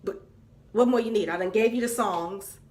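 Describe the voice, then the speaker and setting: A man's voice: sits high, moderate pace, heavy background noise, lightly acted. Woman doing a blunt, impatient preacher man. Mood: scolding. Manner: folksy, demanding, repeats himself. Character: blunt scolding male pastor, impatient.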